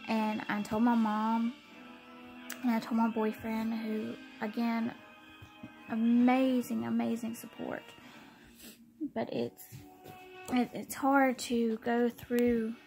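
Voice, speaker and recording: A young woman speaks in a raw, emotional vlog, fighting back tears. Her fairly high voice carries a gravelly fry, and she stops and restarts often. Soft music plays faintly behind her. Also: little pitch movement, rough recording. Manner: tearful, halting, repeats words. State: close to tears. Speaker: vlogger.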